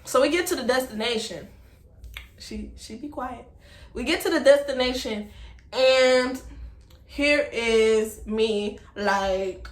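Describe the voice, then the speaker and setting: Woman, storytime vlog, emphatic, fairly high voice, echoey room. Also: slow pace. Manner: animated, emphatic, talks straight to viewers as y'all. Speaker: vlogger telling a personal story. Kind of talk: casual storytime to camera.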